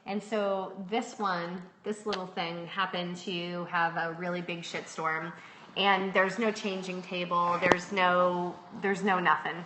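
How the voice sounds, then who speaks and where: A woman's voice: fairly low pitch, little pitch movement, slow pace, fairly bright tone, echoey room, slight background noise, low-quality recording. A woman co-hosting a podcast live, talking casually with lots of filler words. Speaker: podcast co-host. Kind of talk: casual live-stream chat.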